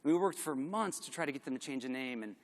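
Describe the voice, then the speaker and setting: A middle-aged man giving a candid conference talk, animated and self-deprecating, with lots of fillers. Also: medium pitch, fast. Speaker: conference speaker. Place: large conference hall. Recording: long hall reverb.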